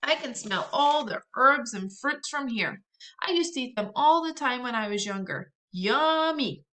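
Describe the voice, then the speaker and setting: A carefree, cheerful young girl, voiced by a woman reading a storybook. She speaks breezily and boldly in a bright voice. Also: sits high, animated, a little slow, recorded from a distance, voice pushed up. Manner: breezy, reassuring.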